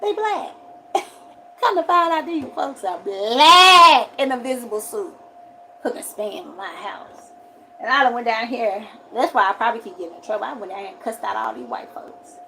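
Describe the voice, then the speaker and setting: A forty-year-old woman, telling a story on a casual livestream and swinging from loud outbursts to quiet asides. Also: on the high side, lively intonation, normal speed, a little hiss or hum, rough recording. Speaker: livestream host.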